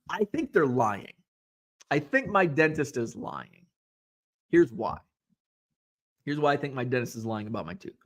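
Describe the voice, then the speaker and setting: A man in his forties hosts a casual hobby show, rambling through a self-mocking story. His voice sits a little high and swings widely in pitch, and he drops in the odd swear word. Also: fairly bright tone. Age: 40s.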